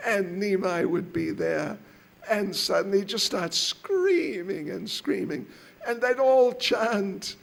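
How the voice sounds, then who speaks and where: A man giving a storytelling lecture to devotees as a spiritual teacher, animated and acting out the voices in his stories. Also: a little high, creaky.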